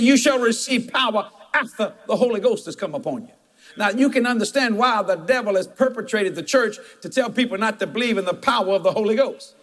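A pastor delivers a sermon in a notably high voice. He mixes firm declarations with folksy, chuckling storytelling and emphatic asides to his congregation. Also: fairly bright tone.

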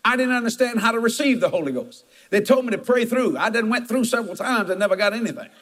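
A fast-talking pastor with a notably high, fairly bright voice and lively intonation preaches a sermon. He alternates firm declarations with folksy, chuckling stories and emphatic asides to the congregation.

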